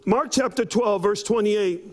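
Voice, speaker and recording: High-voiced pastor telling a story. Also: male voice, a little slow. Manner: storytelling, acts out quoted voices, rising to shouts. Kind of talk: sermon. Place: church.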